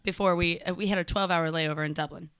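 Brief: young woman co-host, bright crisp voice, sweary animated storyteller. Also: lowish voice, quick pace, dry recording, clean studio sound. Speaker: podcast co-host. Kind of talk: casual chat.

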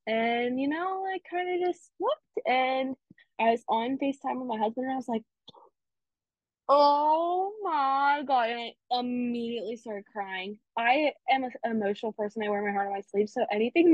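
Gushing young woman, fairly high voice. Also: dry recording. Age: young adult. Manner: gushing and emotional, many "like" fillers. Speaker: guest, newly licensed physical therapist assistant. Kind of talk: casual interview chat. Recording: dull lo-fi, dry.

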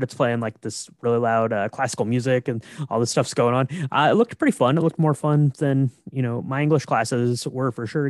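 A man co-hosting a podcast, recapping a film in a relaxed, rambling way with lots of fillers. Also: medium pitch, dry recording, studio quality. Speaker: podcast co-host. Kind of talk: casual film discussion.

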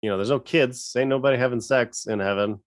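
A man co-hosting a casual podcast, talking in a rambling, halting way with frequent restarts. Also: mid-range voice, no echo, studio quality. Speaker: podcast co-host.

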